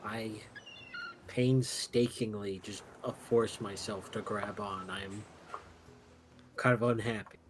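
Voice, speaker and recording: A man's voice: lowish voice, steady tone, background noise. A man playing in a tabletop game, chatting casually and joking with the game master. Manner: playful, quick to joke. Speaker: player.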